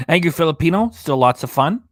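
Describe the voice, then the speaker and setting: A man's voice: on the high side, animated, moderate pace, no echo, studio quality. A man hosting a casual livestream, reading viewer comments aloud and rambling between topics. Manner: rambling, chatty, reads out chat messages and web pages. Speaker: host of a reaction livestream.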